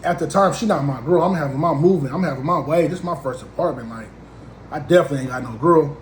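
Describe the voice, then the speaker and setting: A man in his thirties telling a story in a casual, slangy, animated way and acting out both sides of the conversations. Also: on the high side, quick pace, reverberant, slight background noise, rough recording.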